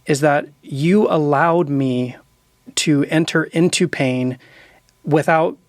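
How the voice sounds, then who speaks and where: A man's voice: a little high, slow pace, dry recording, studio quality. A man in his forties, an author and pastor, talking earnestly and with emotion about friendship and apology. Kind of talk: heartfelt conversation.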